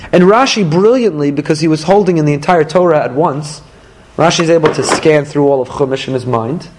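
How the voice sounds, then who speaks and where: A middle-aged man teaching a lively Torah lesson to a small live audience, talking emphatically and often jumping into high-pitched quoted voices. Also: brisk, poor audio. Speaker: rabbi teaching a class. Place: room with a small listening audience.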